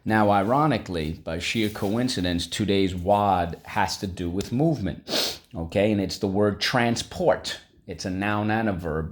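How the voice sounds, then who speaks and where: A man teaching a vocabulary lesson, upbeat and coaxing, repeating each word for students to echo. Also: low voice.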